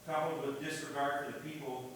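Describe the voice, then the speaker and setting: A man's voice: fairly high pitch, flat delivery, fairly quick, fairly bright tone. A man teaching a church history class in a casual lecturing way, often checking in with "right?". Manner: casual, keeps asking "right?". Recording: echoey room, distant mic, faint hiss.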